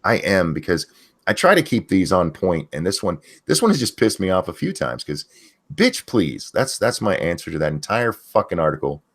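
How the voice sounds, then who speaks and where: A man's voice: low voice, sing-song, brisk, a bit bright. A man hosting a livestream, ranting bluntly and swearing a lot. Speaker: channel host. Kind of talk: profane ranting commentary on a stream.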